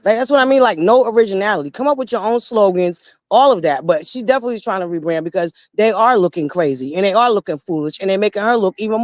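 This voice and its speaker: A woman with a Southern American accent hosting a casual livestream gossip chat, animated and quick to laugh, talking straight to her viewers. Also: mid-range voice, dry recording, clean studio sound. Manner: animated, laughs often, talks to viewers as y'all. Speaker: livestream host.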